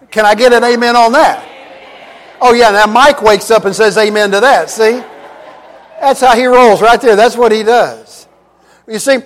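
High-voiced preacher in an echoing hall. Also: male voice. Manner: emphatic, repetitive preaching with humor. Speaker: pastor. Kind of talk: sermon. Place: church sanctuary. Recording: long reverb of a church hall.

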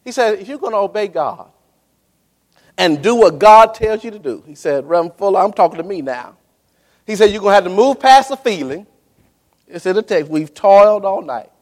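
A man preaching a sermon with fervor, pausing for effect, repeating himself for emphasis and calling on his congregation to follow along. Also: sits high, lively intonation. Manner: dramatic pauses and emphatic repetition. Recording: long reverb in a large hall.

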